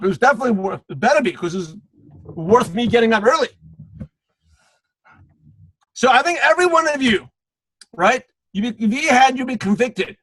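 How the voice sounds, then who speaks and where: A man's voice: very high-pitched, lively intonation, moderate pace, long pauses, fairly bright tone, no room sound, poor audio. A man giving a motivational sales training on a live video call, calling out viewers by name and repeating punchy slogans. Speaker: guest trainer.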